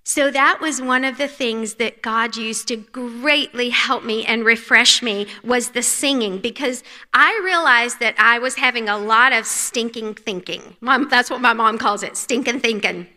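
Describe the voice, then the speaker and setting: Speaking earnestly at a women's conference, a Southern-accented woman from North Carolina, USA, gives a devotional talk that often drops to a soft hush. Her fairly high voice is bright and clear, her pace a little slow with hardly any pauses. Each phrase trails off into the long reverb of a large church hall.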